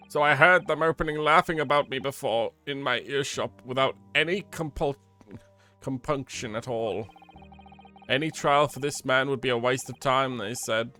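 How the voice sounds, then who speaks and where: A man voicing an anxious young male foreign student, in a high-pitched, freaked-out voice, while reading a game aloud. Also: bright, forceful tone, natural voice. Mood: bitter.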